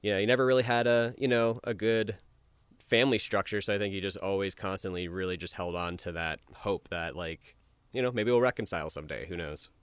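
Male podcast co-host, casual and rambling, smooth tone, close dry mic. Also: deep voice, fairly even intonation, brisk, dry recording. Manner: rambling, many fillers. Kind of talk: casual chat.

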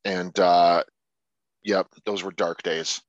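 A man's voice: takes it slowly, dry recording. A man in a casual podcast chat about movies, talking animatedly and swearing freely. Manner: animated, swearing, mimics people in sudden high voices. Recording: dull lo-fi sound.

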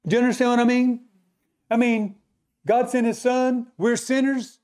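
A man preaching, telling a testimony story as an animated storyteller who asks his listeners questions. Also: very high-pitched, moderate pace.

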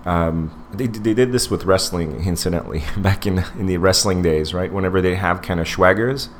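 A man's voice: low-pitched, moderate pace, slight background noise. A man in his forties co-hosting a casual podcast movie review, rambling with many fillers and restarts. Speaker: podcast co-host.

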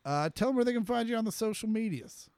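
A man in his forties, a comedian co-hosting a podcast, spins loose, joking stories in easy chat. His voice sits a touch high and comes through smooth and resonant. The sound is dry and close to the mic. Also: fast, dry recording. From Kansas City, US. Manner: storytelling, joking, animated. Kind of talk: casual chat.

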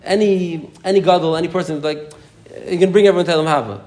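A Torah teacher with a fairly high-pitched voice leads an informal Talmud class. He tells the story rapidly and animatedly, often restarting his sentences.

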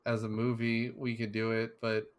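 A man co-hosting a podcast, talking in loose, rambling casual chat full of jokes and digressions. His voice sits at an ordinary middle pitch. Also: completely flat delivery, moderate pace. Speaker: podcast co-host.

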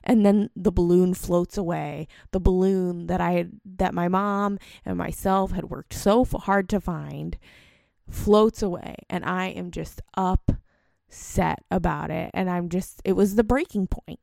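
Gravelly-voiced mom telling a candid story. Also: female voice, fairly low pitch, fairly even intonation, measured pace, mellow, no room sound, clean studio sound. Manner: rambling, candid, self-deprecating. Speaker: mom vlogger. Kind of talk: casual personal storytelling.

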